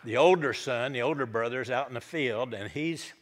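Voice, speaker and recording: A middle-aged pastor delivers a sermon in a folksy, storytelling way and acts out the characters as he goes. His voice sits at a middle pitch. Long reverb trails each phrase through the church. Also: normal speed.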